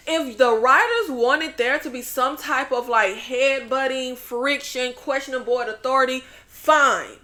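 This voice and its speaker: A woman's voice: sits high, normal speed, few pauses, pushed and bright. A young woman hosting a TV episode recap, venting bluntly and animatedly with plenty of profanity. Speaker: TV show recap host.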